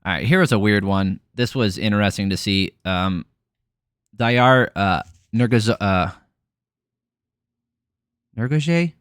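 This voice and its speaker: A man with a fairly low voice runs through fight results in a casual, blunt recap. He swears freely and scatters fillers through his talk. The sound is dry and close, with no room around it. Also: unhurried, a bit bright, smooth, no echo. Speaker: MMA podcast host.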